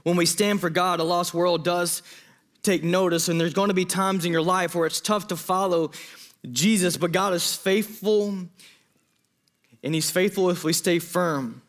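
This fairly high-voiced pastor keeps a steady tone and measured pace while preaching. Still, his sermon comes across as earnest, emotional and pleading, with sentences he repeatedly breaks off and restarts.

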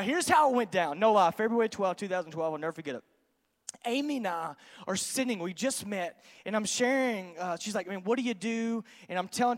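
A man, a pastor telling an animated, joking story to his congregation during a sermon. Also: sits high, in a large hall. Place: church sanctuary.

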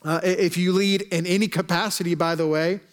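Male pastor, slightly high voice, chatty preaching with wry humor. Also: brisk. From Arkansas. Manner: conversational, joking preacher with lively asides. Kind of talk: sermon.

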